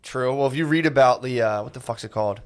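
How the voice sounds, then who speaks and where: A man's voice: medium pitch, fast, clear, resonant tone. A man co-hosting a podcast in casual chat, rambling and swearing casually.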